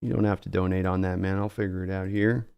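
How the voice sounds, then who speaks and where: A man with a lowish, smooth and clear voice hosting a live draft reaction stream. He talks casually and analytically, mixing player breakdowns with viewer shout-outs. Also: little pitch movement, fast. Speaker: host.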